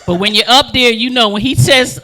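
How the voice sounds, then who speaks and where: A woman advocate speaks at a community meeting with a very bright, cutting tone. She tells her stories with animated, blunt emphasis. She keeps pressing her points hard. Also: fairly high pitch, fairly quick. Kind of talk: impassioned speech at a community meeting.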